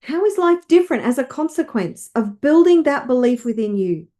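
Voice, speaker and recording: A woman coach with a slightly high voice delivers motivational coaching. She speaks slowly and emphatically, repeating affirmations for listeners to say after her. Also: very animated, dark tone. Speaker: wealth coach.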